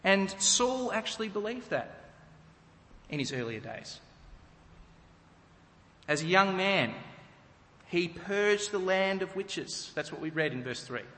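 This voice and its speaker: A man delivers a sermon in an unhurried, deliberate way, pressing home his points with rhetorical questions. His voice is bright and sits a little high, and a long reverb trails behind it in a large hall. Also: big pitch swings. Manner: emphatic, rhetorical questions to the congregation. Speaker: preacher.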